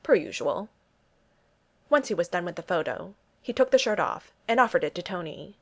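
A woman narrating a story as an even, steady reader. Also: lowish voice, normal speed, vocal fry. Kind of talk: storybook reading.

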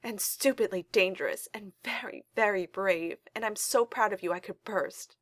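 A woman's voice: mid-range voice, moderate pace, no room sound, clean studio sound, natural voice. A woman doing a protective, loving dad. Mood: emotional. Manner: earnest and emphatic. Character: loving, protective father, relieved and emotional.

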